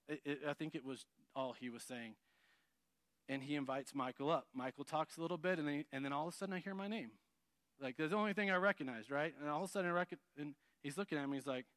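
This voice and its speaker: A man telling a personal testimony story, acting out quoted lines and dropping low for asides. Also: dry recording. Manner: lively narration, acts out quotes, drops to a low murmur for asides.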